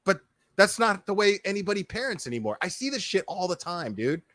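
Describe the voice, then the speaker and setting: A man's voice: high-pitched, very animated, brisk, a bit bright, dry recording. A man ranting profanely and heatedly as a streamer, commenting on a video and talking to his chat.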